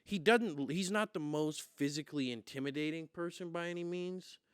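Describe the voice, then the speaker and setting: Young guy, smooth clear voice, dry close sound, swears a lot telling fight stories. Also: fairly high pitch, moderate pace, no room sound. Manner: profane storyteller who acts out quotes loudly. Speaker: podcast host. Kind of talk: casual chat.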